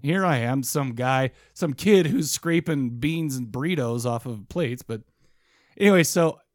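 A man's voice: mid-range voice, lively intonation, a little slow, no echo, clean studio sound. A man co-hosting a podcast, telling a rambling story in casual banter with lots of restarts. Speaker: podcast co-host.

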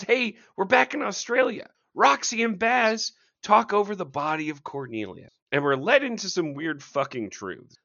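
A man co-hosting a comic-book podcast, recapping stories in casual, animated chat full of jokes and swearing. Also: high-pitched, lo-fi sound. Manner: animated, swears freely, jokey asides. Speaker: podcast co-host.

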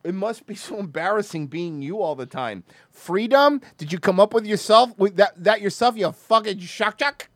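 Male stream host: high, animated and brash, with a bright, dry sound. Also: normal speed, hardly any pauses, dry recording. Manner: profane, mocking, loud and animated. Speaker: podcast host. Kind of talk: crude livestream banter.

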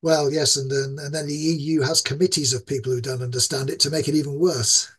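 Speaking a little fast with fairly even intonation, the guest game designer has a high-ish, fairly bright, slightly rough voice and an East Yorkshire accent; he's in his sixties. Across this casual interview he talks at length, rambling with many fillers in what he himself calls a rant.

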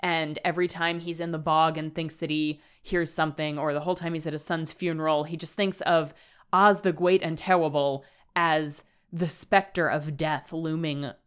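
A woman co-hosting a podcast chats casually about a horror novel, adding dry asides and laughing along. Her voice sits low and steady, clear and resonant, at a normal speed.

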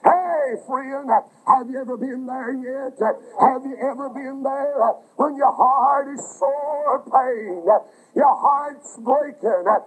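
A preacher delivers a fervent sermon in a strikingly high, husky voice. He cries out with emotion and fills every pause with "uh". His delivery is passionate and earnest. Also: low-quality recording. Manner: fervent, breaks into cries, many "uh" fillers.

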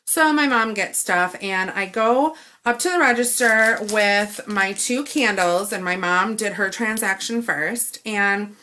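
A woman telling a story in a casual, animated way, acting out both sides of the exchange. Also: medium pitch, a little slow, hardly any pauses.

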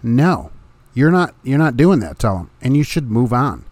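A middle-aged man talks straight into a close mic in a dry home room, sounding blunt and opinionated. He speaks at an average pitch and keeps his delivery casual, with short laughs between his points. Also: very animated, normal speed, darkish tone, no echo. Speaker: podcast host, truck driver.

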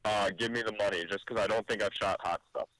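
A man's voice: on the low side, steady tone, fast talker, fairly bright tone, low-quality recording. A man calling into a podcast as a guest, giving easygoing short answers over the phone. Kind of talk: casual chat over the phone. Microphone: phone line.

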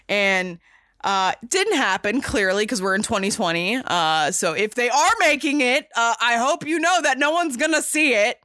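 A woman hosting a podcast in casual chat, talking in an animated, rambling way with many fillers and restarts, emphatic and swearing casually. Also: on the high side, measured pace, dry recording, clean studio sound. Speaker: podcast host.

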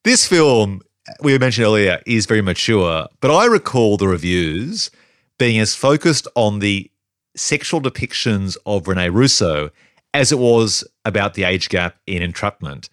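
Low-voiced man in casual film chat. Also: a little slow, no room sound, clean studio sound. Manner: animated, thinks aloud, laughs often. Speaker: podcast co-host.

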